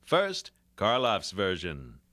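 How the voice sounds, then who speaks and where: A man's voice: sits low, slow pace. A man hosting a documentary in playful, scripted narration. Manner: lively, playful. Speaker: host.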